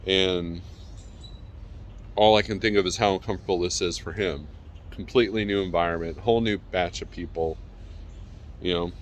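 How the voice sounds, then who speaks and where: A man with a low voice rambles casually in a vlog from his backyard, calling out to his dog between thoughts. There's slight background noise outdoors.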